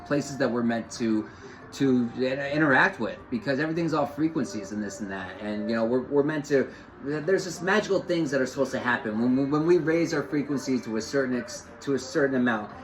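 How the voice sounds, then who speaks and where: A man's voice: mid-range voice, low-quality recording. Guy rambling through a spiritual pep talk, lots of "you know", mid voice, bit of hiss behind. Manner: rambling, repeats phrases, many fillers. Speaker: spiritual host.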